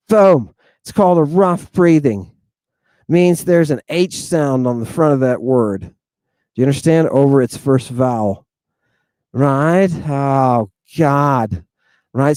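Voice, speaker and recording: Chatty animated male teacher, dry sound. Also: fairly high pitch, no echo. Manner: animated, swings between loud and muttered asides; profane, chatty, keeps asking "right?". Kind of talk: casual lecture on ancient Greek.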